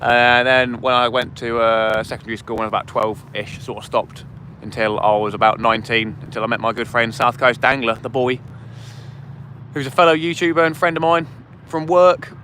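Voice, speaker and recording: A young man hosts a fishing livestream from a riverside, talking casually and eagerly thanking viewers. His voice is bright and forward. Traffic hums faintly outdoors behind him. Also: mid-range voice, fairly even intonation, moderate pace. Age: 20s.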